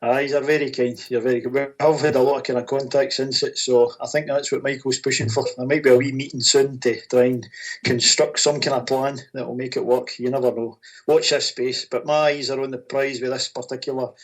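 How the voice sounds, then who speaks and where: A man's voice: medium pitch, little pitch movement, brisk. A Scottish man calling in to a fan podcast, friendly and modest. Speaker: caller. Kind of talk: casual phone-in chat.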